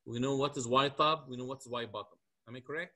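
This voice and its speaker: Husky-voiced man lecturing on beams. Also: medium pitch, steady tone, fast, sharp tone. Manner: explains step by step, asks the class questions. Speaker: engineering lecturer. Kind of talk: classroom lecture.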